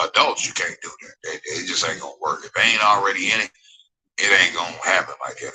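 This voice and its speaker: Recorded at low quality, a lowish male voice with a sharp tone carries a forty-something man's rambling livestream talk. He reads chat comments, emphatic and digressive, repeating phrases and repeatedly asking viewers whether they follow and agree with him.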